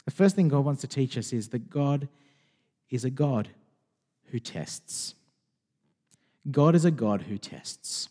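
Man, pastor, sermon, conversational with restarts, very animated pitch, long church reverb. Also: moderate pace. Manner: conversational and expressive, with frequent restarts. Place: church hall.

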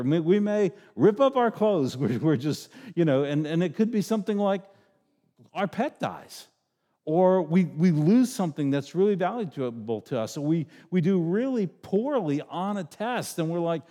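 A middle-aged man preaches a sermon in a loose, joking way and slips into little acted voices. His voice is slightly high yet mellow. Long reverb from the sanctuary hangs on each phrase. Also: animated, normal speed. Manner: conversational, joking, acts out voices. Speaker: pastor.

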